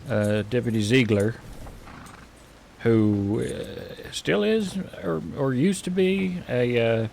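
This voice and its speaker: A man playing a frontier healer in relaxed in-character roleplay, rambling and hesitant with many fillers. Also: medium pitch, slow, vocal fry, slight background noise. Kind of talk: in-character western roleplay chat.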